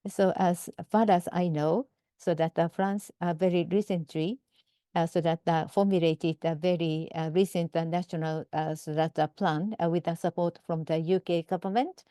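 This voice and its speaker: A woman moderating a webinar, halting, with heavy fillers and repeated phrases. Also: on the low side, fairly even intonation, dark tone, smooth, no room sound, studio quality.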